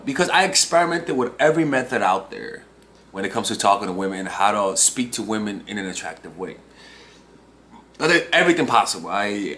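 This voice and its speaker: A man's voice: lowish voice, sharp tone, a little hiss or hum. A man in his twenties, a dating coach talking casually to camera, restarting phrases and often tagging on "right?". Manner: talks in loose restarts and checks in with "right?".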